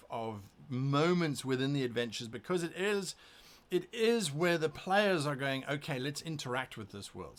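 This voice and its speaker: A man's voice: mid-range voice, fairly bright tone. A man who runs a tabletop game talks casually to camera before a session, thinking aloud as he explains how he prepares. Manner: thinking aloud, explaining his prep methods. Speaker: game master.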